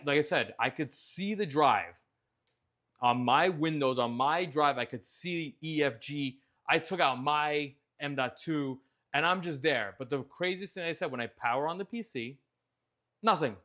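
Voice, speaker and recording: Casual male host, higher pitch, very animated delivery, swears, exasperated storyteller. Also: normal speed.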